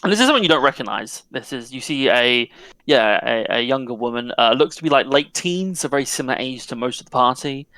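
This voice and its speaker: A man's voice: medium pitch, lively intonation, fairly quick, pushed and bright, no echo. A man narrating a tabletop game as game master in a casual way, with many fillers.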